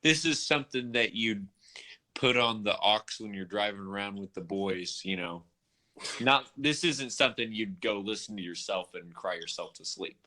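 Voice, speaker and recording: Male podcast co-host, bright forceful tone, rambling and loose. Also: on the low side, moderate pace. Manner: rambling, many fillers like "you know". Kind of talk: casual music discussion.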